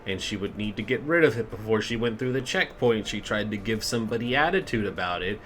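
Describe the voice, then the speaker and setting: Sleepy, bright-toned woman gamer. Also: very deep voice, animated, fast talker, slight background noise. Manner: rambling storyteller, tired. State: sleep deprived. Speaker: tabletop game player. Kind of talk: casual chat.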